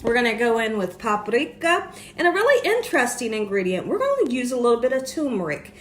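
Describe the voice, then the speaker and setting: A woman's voice: a little high, very animated, brisk, slight background noise. A woman hosting a cooking tutorial in a kitchen, chatty and often checking in with the viewer. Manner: chatty, frequently checks in with "okay". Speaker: cooking show host. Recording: echoey room.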